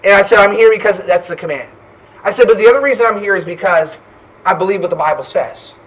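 A man's voice: high-pitched, quick pace, a bit bright, far from the mic, rough recording. A man preaching a fervent sermon as pastor, often tossing in "right?" asides.

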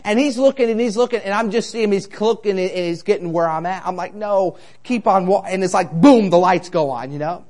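A man's voice: high-pitched, fast, few pauses, a little mellow. A man preaching a sermon, telling a joking story in a casual, conversational way before turning to fervent exhortation.

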